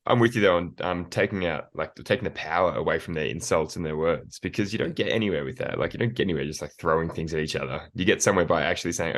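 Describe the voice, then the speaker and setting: Deep-voiced man, podcast co-host, steady and thoughtful. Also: fast talker, few pauses. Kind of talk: casual podcast chat.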